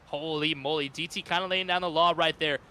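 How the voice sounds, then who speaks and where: High-voiced excited male esports caster. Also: fairly quick. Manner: excited, slangy hype. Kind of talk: play-by-play commentary. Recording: game gunfire noise behind.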